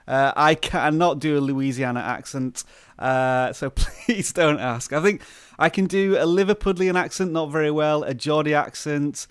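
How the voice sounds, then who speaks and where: A chatty man from the UK hosts a relaxed live stream, reading out viewers' names in a slightly high voice. He sits close to the microphone in a dry, dead room. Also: clean tone, no room sound. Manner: chatty, greets viewers by name. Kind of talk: casual live stream chat. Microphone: close desk microphone.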